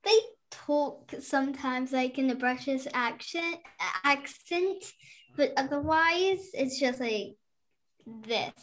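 High-voiced chatty young girl. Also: slow pace, a bit bright. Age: child. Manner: chatty, giggly, filler-heavy. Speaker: guest questioner.

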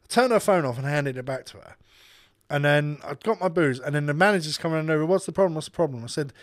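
A man's voice: fairly high pitch, expressive, quick pace, no echo, clean studio sound. A man on a casual podcast, telling a heated, sweary anecdote and acting out the people in it. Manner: heated, sweary storyteller who acts out the people in his story. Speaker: podcast co-host and radio presenter. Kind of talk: casual chat, ranting anecdote.

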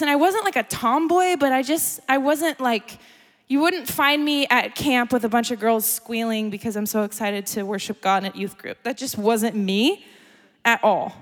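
Chatty high-voiced woman preaching. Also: moderate pace. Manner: chatty, animated, laughs often. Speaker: speaker. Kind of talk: sermon storytelling. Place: church gathering hall. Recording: long hall reverb.

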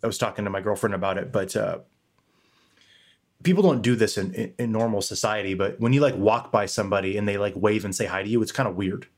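A man's voice: lowish voice, fairly even intonation, quick pace. A young man co-hosting a podcast, talking candidly in a rambling way and swearing casually. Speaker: podcast co-host.

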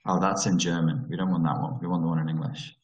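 A man's voice: sits low, fairly even intonation, fast talker, roomy sound, muffled recording. A man talking frankly over a video call about trauma recovery, digressing and restarting his sentences. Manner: candid and digressive, with frequent restarts.

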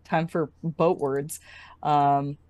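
A woman's voice: low voice, little pitch movement, drawn-out words, darkish tone, dry recording. A woman narrating as game master, rambling and hesitant with many fillers.

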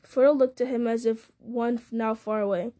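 A woman reading a story aloud at a measured pace, with occasional slips and restarts. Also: on the high side, fairly even intonation, mellow. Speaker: reader. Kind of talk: audiobook-style story reading.

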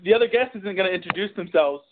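A man phoning into a podcast, his voice squeezed through a thin, tinny phone line. He talks fast and high, bantering quickly with the hosts. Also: a little hiss or hum. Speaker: phone-in guest. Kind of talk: casual comedic banter.

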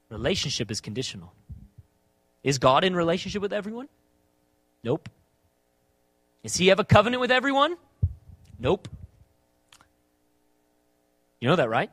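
High-voiced preacher, rhetorical and emphatic. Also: male voice, very animated, fairly quick, long pauses, dry recording. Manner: rhetorical questions, swings between soft and emphatic. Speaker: pastor. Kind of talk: sermon.

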